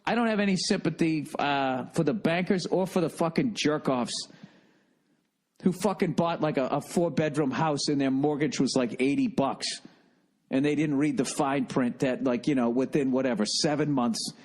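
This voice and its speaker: A man's voice: a little high, moderate pace, darkish tone. A middle-aged man with a Boston accent, hosting a casual solo podcast in a profane, rambling, self-mocking way. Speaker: podcast host.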